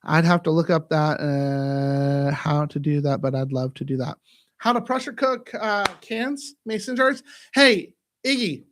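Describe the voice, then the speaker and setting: A man hosting a casual live-stream chat, jokey and animated and given to breaking into silly voices. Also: high voice. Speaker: host.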